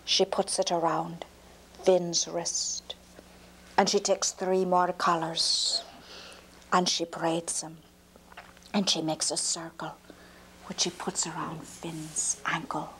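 A woman's voice: fairly low pitch, little pitch movement, takes it slowly, pauses often, fairly bright tone, a little hiss or hum. A woman telling a folk tale aloud to a child, slipping into whispers for suspense. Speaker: storyteller.

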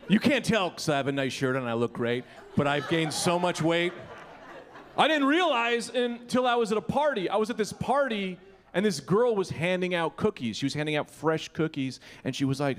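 A man in his thirties doing a stand-up comedy set, animated and shouting his punchlines. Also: on the high side, normal speed. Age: 30s. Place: comedy club. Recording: live club with crowd laughter. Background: audience laughter.

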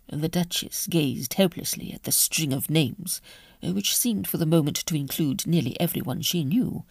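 A woman narrating a classic short story for a podcast in an expressive, measured reading. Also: deep voice, creaky, breathy edge, no echo, studio quality. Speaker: audiobook reader.

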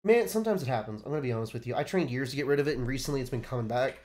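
A man from Texas with a Texas accent, chatting casually with friends on a stream, animated and swearing freely with a Southern drawl. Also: medium pitch, racing.

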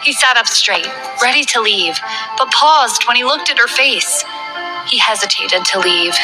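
A woman's voice: on the high side, animated, measured pace, rough recording. Woman narrating a romance novel over music. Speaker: audiobook narrator. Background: background music.

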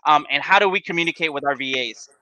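A man hosting a casual business podcast, talking in an energetic coaching tone and asking rhetorical questions. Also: fairly high pitch, fast, no room sound, rough recording. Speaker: podcast host.

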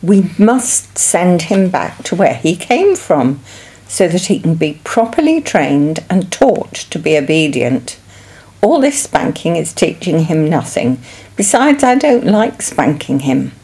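A woman's voice: fairly low pitch, very animated, slow, darkish tone, full character voice. A woman voicing a firm, sensible family father in a children's storybook reading, speaking decisively.

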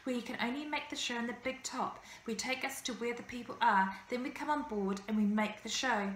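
A woman's voice: fairly high pitch, a little fast, a bit bright, echoey room, a little hiss or hum, lightly acted. A woman voicing a proud young female trapeze artist who speaks in broken English.

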